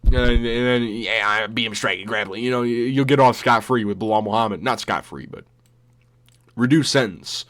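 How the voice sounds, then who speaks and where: A man's voice: mid-range voice, moderate pace, a bit bright. Rambling, profane young man. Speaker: vlogger. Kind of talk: casual commentary.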